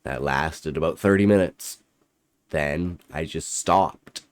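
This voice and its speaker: A man's voice: very deep voice, slow pace, no echo, clean studio sound. A man giving scripted first-person horror narration with a dramatic, intense delivery. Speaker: storyteller.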